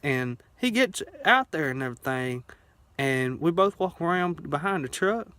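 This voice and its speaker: A man's voice: a little high, animated, moderate pace, pushed and bright, clean tone. A young man, telling stories to camera in a rambling, drawling way with many fillers and restarts. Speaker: vlogger. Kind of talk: casual storytelling to camera.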